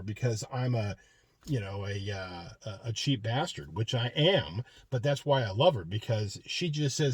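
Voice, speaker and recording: Ranting man with a lively voice. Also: medium pitch, moderate pace, husky, no room sound. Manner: profane, storytelling, lots of filler restarts. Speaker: show host. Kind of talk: casual comic rant.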